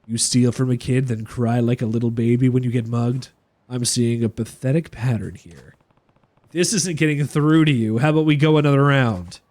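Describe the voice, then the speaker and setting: A man voicing a stern, tough male brawler hero in a video game, speaking gruffly and firmly. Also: medium pitch, moderate pace, darkish tone, slight background noise, pitched below the performer's own voice, close to an everyday voice. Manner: gruff, firm, threatening.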